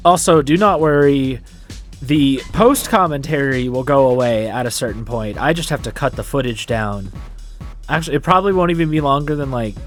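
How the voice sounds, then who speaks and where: A man's voice: on the high side, fairly bright tone. A man hosting his gaming channel, chatting through game commentary in a rambling, jokey way that keeps interrupting itself.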